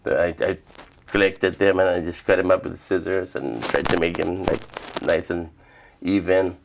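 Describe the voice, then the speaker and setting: A middle-aged man from the Northern Mariana Islands telling stories in an interview, relaxed, acting out the voices he quotes. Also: low-pitched, normal speed, creaky, background noise. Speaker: humanities awardee, traditional healer. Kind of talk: interview storytelling.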